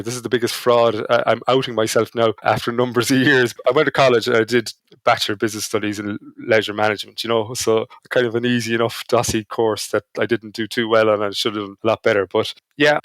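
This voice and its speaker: A man's voice: mid-range voice, a bit bright, no echo. A man with an Irish accent, a podcast guest telling anecdotes in a casual, self-deprecating way. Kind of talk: casual storytelling chat.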